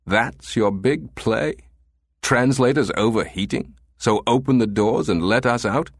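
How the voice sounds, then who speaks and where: A man voicing a cold, condescending male commander who speaks slowly and evenly. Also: on the low side, husky, dry recording, clean studio sound, pitched above the performer's own voice, heavily acted. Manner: slow, even, icy.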